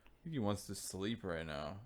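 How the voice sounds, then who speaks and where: Low-voiced, sarcastic male co-host. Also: lively intonation, normal speed. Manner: ranting, sarcastic, profane. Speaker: podcast co-host. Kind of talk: casual podcast banter.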